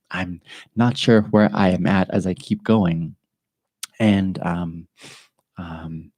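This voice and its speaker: Deep-voiced man, earnest podcast monologue. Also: darkish tone, no echo. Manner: earnest, halting, with frequent restarts and pauses. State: emotional, near tears. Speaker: podcast host. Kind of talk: reflective personal monologue.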